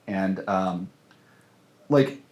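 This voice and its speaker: A film director chats casually in an interview, his low-pitched voice drawing out words. He's animated and full of fillers and restarts, recorded with a roomy echo.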